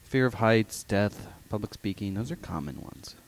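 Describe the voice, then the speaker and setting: A man's voice: lowish voice, lively intonation, moderate pace. A man co-hosting a podcast in casual chat, dry and sarcastic in his asides. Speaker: podcast co-host.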